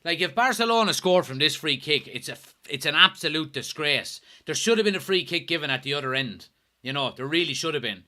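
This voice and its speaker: An Irish man from Kilkenny hosting a live football watchalong, commenting on the match, yelling and swearing at the referee, and reading out chat messages. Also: fairly high pitch, a little fast. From Ireland, Kilkenny. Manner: excitable, yells at the referee, swears. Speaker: watchalong host.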